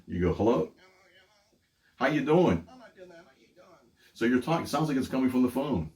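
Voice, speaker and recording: An older man from Pittsburgh hosts a casual how-to segment with upbeat, chatty energy and laughs often. His voice sits a little low. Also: darkish tone. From Pittsburgh, USA. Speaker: magician and ventriloquist host. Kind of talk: casual teaching demonstration.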